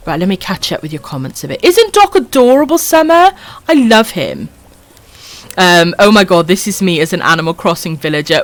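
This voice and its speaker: Welsh woman streamer, animated pitch, affectionate, foul-mouthed, laughs a lot. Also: fairly quick, no room sound. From Wales. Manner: affectionate, swears freely, laughs often. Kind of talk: casual live-stream chat reading comments.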